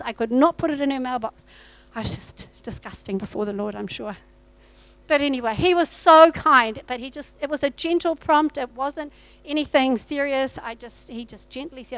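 A woman pastor tells a personal testimony from the pulpit in a high, bright voice. She acts out her own past dialogue as she goes. The sound is dry and close, with little room echo. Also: smooth. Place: church.

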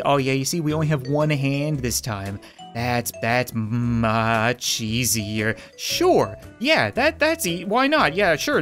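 Excitable woman doing game commentary. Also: deep voice. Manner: excitable, swings between panicked squealing and sarcastic calm. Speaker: gaming video host. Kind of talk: comedic let's-play commentary.

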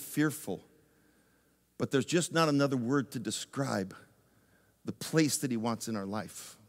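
A man who is a pastor, telling a lively story in a sermon, moving from loud excitement down to hushed intensity. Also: mid-range voice. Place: church sanctuary. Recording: long church reverb.

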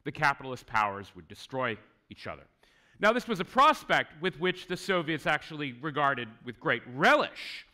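A man giving a conference lecture on history, conversational and wry, with asides to the audience and swinging emphasis. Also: moderate pace. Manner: lively, swinging pitch for emphasis. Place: conference hall.

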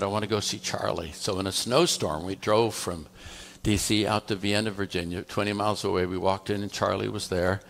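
A man preaching in a relaxed, storytelling way, and his low voice has a gravelly rasp to it. He slips into the dialogue as if chatting with the people in the room. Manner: conversational, tells a story through quoted dialogue. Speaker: pastor. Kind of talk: storytelling sermon. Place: church.

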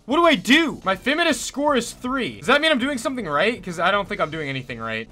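A man's voice: extremely high pitch, big pitch swings, quick pace, few pauses, sharp tone, faint music behind. A young man commentating a game he plays, exasperated, sarcastic and swearing often. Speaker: gaming YouTuber.

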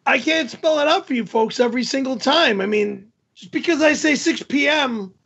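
High gravelly raspy man ranting. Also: muffled recording. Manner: angry, yelling and cursing at chat; slow, over-explaining. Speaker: live stream host. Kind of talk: live stream rant.

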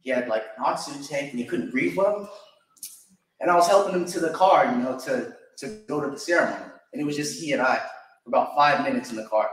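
A man's voice: medium pitch, quick pace, a bit bright. Young man giving a heartfelt eulogy. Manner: storytelling, chuckling fondly. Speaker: eulogy speaker. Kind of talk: personal memorial tribute. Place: church sanctuary. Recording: echoey church from far off.

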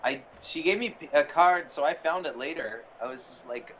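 A man's voice: mid-range voice, brisk, few pauses, fairly bright tone. A man rambles through an anecdote in easy, casual chat, trailing off with fillers as he goes. The audio is dull and lo-fi, with a faint ambient hum underneath. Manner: rambling storyteller with fillers and laughs. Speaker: player. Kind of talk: casual chat while streaming a game.

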